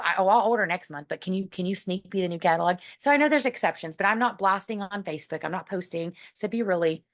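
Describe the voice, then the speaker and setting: A woman's voice: mid-range voice, fast, few pauses. A woman leading a team meeting on a video call, chatty, with many fillers and retold chats. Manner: chatty, full of fillers and retellings. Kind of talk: casual meeting talk.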